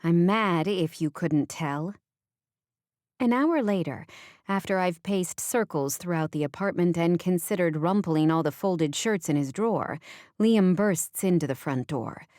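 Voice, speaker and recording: A woman's voice: fairly low pitch, lively intonation, normal speed, warm tone, dry recording. A woman narrating a romance audiobook in the first person, in a wry, conversational way, on a studio microphone.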